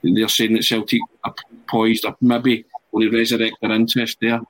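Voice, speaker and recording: A man's voice: fairly low pitch, monotone, moderate pace, dry recording, low-quality recording. A man hosting a casual football podcast, talking to his co-hosts by name. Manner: conversational, addresses co-hosts by name. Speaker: podcast host.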